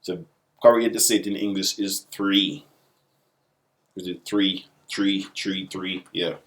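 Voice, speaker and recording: A man's voice: low-pitched, steady tone, normal speed. A man with a Jamaican accent teaching basic patois in a casual video lesson, repeating example phrases.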